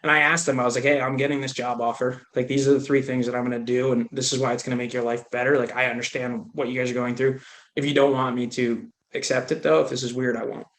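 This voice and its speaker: A man's voice: mid-range voice, little pitch movement, quick pace, a bit bright. A man on a webinar panel, a sales leader speaking casually with many fillers over a video call.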